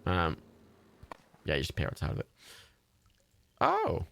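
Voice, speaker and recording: A man giving sweary, excitable, rambling commentary while streaming a game live. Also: low-pitched, quick pace, gravelly, no echo.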